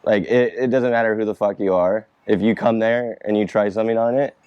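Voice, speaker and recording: A young man with a lowish voice talks through fan questions in a relaxed, rambling way, peppering his speech with swearing and frequent laughter. The sound is close and dry, with little room around it. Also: brisk, clean tone, dry recording, muffled recording. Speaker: skateboarder answering fan questions. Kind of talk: casual chat.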